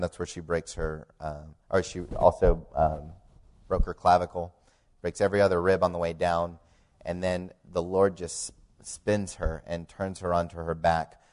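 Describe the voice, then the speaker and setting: Low-voiced man telling a faith testimony. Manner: halting storytelling with many fillers, quieting sharply in tense parts. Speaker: husband telling a family story.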